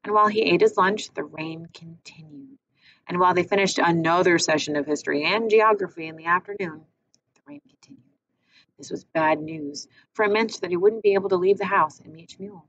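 A woman narrating an audiobook in a measured, expressive reading. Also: fairly low pitch, gravelly. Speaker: audiobook reader. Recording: muffled with faint hiss.

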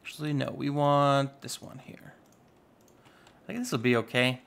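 Chatty gravelly young man gaming. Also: mid-range voice, fairly even intonation, moderate pace, a bit bright. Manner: chatty, rambling, playful asides. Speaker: Minecraft YouTuber. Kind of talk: casual gameplay commentary.

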